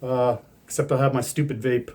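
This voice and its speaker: A man's voice: medium pitch, fairly even intonation, normal speed, darkish tone. A man casually talking through an unboxing of hats, rambling with lots of fillers and restarts.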